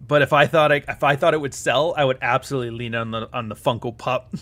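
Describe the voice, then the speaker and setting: A man's voice: mid-range voice, little pitch movement, quick pace, hardly any pauses, fairly bright tone. A man hosting a live stream, chatting casually in a profane, sarcastic and rambling way.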